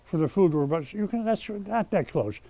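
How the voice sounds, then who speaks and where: A man preaching a sermon as pastor, swinging between loud scolding and hushed prayer. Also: high voice, lively intonation, fairly quick. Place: rescue mission chapel.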